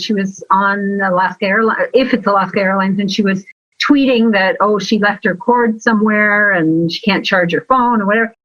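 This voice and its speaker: A woman guest talking about sales and marketing in a lively interview, telling stories with emphatic, animated asides. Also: medium pitch, no echo. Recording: slightly dull, lo-fi sound.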